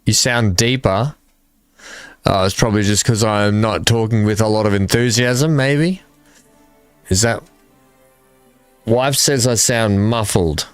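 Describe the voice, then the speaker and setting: A man hosting a live stream, talking casually and haltingly into his desk microphone while he fixes his audio. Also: fairly low pitch, clear, resonant tone, dry recording, faint music behind. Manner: halting, mumbling, fixing his mic. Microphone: desk microphone with filters.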